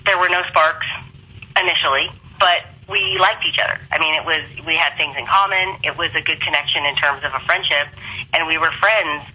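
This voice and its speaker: A woman's voice: sits low, brisk, breathy edge, rough recording. A woman guest on a podcast, casually telling a long personal story and acting out the people in it. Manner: animated, acts out quoted voices.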